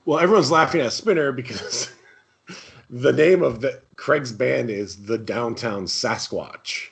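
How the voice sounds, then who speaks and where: A man's voice: mid-range voice, measured pace, creaky. A man co-hosting a podcast in casual chat, enthusiastic and laughing as he recounts favorite scenes. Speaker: podcast co-host.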